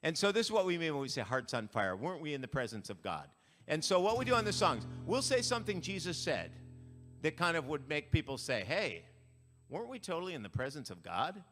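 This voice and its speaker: Male frontman, higher-pitched, playful deadpan stage patter, echoing church hall. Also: brisk, faint music behind. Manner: playful deadpan jokes to the audience. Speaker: band frontman. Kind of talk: stage banter at a church concert. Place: church sanctuary. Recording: live in a church hall, reverberant, with instruments.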